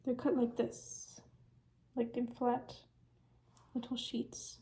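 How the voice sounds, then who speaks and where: A young woman in her twenties chatting quietly and shyly while cooking in her home kitchen, rambling with lots of fillers. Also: a little high, monotone, slow. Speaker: vlogger. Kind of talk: casual cooking vlog chat.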